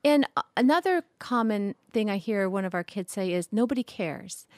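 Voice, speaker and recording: A mother co-hosting a talk about parenting, chatty and quick to laugh. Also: medium pitch, expressive, no echo, clean studio sound. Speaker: podcast co-host, mother. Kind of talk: casual conversation on parenting.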